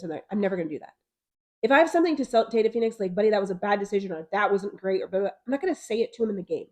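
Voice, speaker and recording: A woman in her thirties co-hosting a podcast, chatting casually and animatedly, often acting out what others said. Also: medium pitch. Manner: animated, talks fast and acts out quotes. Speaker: podcast co-host. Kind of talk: casual chat.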